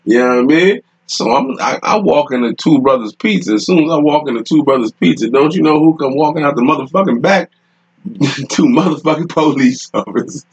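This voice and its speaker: A man's voice: on the high side, expressive, brisk, breathy edge, highs cut off. A man hosting a podcast, telling a rambling, profane story in casual talk, often laughing, recorded in a room at home. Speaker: podcast host.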